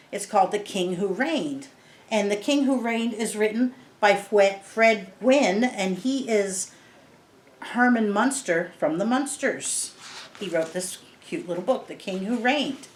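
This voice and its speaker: This is a read-aloud lesson for kids: a woman with a mid-range voice works slowly through a picture book, patiently putting each word into simple terms. There's a little hiss or hum on the recording, which has a roomy echo.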